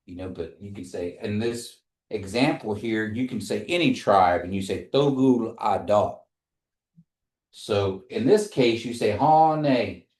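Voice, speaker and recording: A man teaching a language class, speaking slowly and patiently and repeating phrases for his students to say back. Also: lowish voice, animated, a little mellow, echoey room.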